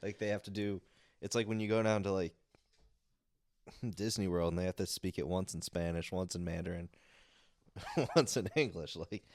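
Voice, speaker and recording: Very deep-voiced joking man. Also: normal speed, long pauses, no echo. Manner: joking, laughing along, chiming in. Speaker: podcast co-host. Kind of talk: casual chat.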